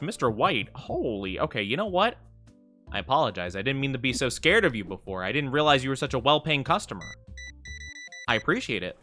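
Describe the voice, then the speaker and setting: Brief: young male streamer, bright, bouncy, rambling chat. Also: mid-range voice. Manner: chatty, rambling, giggly, thanks viewers often. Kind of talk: casual live-stream chat while gaming.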